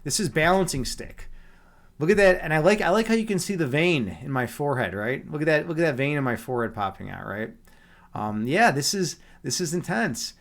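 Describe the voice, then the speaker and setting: A man's voice: fairly high pitch, expressive, fairly quick, creaky, a bit bright. A man hosting a livestream, chatting casually with viewers in a joking, teasing way, with many restarts and fillers. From Chicago. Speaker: livestream host.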